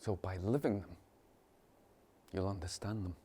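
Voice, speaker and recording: Low-voiced man giving a rambling meditation talk. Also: measured pace, mellow, slight background noise. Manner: chuckles often, repeats phrases, mimics people in sudden high voices. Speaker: meditation teacher. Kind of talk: informal spiritual talk.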